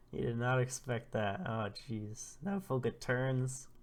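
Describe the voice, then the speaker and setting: A man's voice: medium pitch, drawn-out words. A man casually narrating a comic chapter live, reacting and laughing as he goes. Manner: animated, laughs often, blurts out reactions. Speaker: comic readthrough host.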